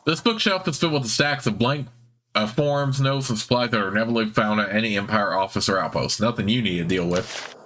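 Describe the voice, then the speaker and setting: A man hosting a let's play, reading the game text aloud in a plain, even way with offhand asides. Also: fairly low pitch, brisk, slight background noise.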